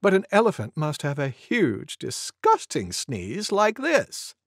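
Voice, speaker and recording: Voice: medium pitch, huge pitch swings, measured pace, no echo, studio quality, full character voice. A performer putting on a prim, sniffy deer.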